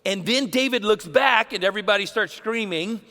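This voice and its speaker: A man's voice: high-pitched, normal speed, bright, forceful tone, long reverb tail. A man, a pastor, preaching a sermon in a casual storytelling way, acting out bits of dialogue.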